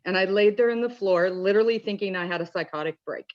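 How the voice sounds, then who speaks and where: A woman giving an emotional personal testimony in an earnest, halting way with many restarts, choked up at times. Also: medium pitch, muffled recording. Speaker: call-in participant.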